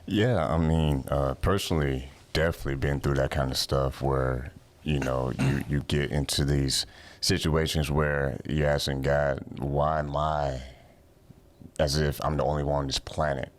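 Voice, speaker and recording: A man, a faith radio host appearing as a guest, speaking earnestly and encouragingly in a podcast interview. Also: very deep voice.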